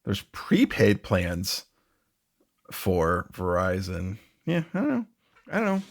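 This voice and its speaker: Gravelly low-voiced man chatting casually. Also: huge pitch swings, slow pace. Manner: rambling, self-interrupting, laughs often. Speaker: podcast co-host. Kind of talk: casual chat.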